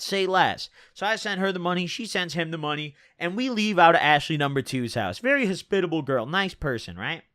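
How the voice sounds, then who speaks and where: Young male vlogger, casual storytime, bright lively voice, dry close recording. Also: on the high side, dry recording. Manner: rambling slangy storytelling with many fillers.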